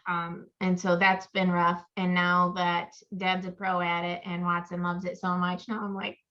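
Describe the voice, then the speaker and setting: A woman's voice: fairly low pitch, completely flat delivery, moderate pace, bright, forceful tone. A woman co-hosting a casual chat podcast, rambling through stories and acting out her own inner voice. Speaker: podcast co-host. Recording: muffled lo-fi audio.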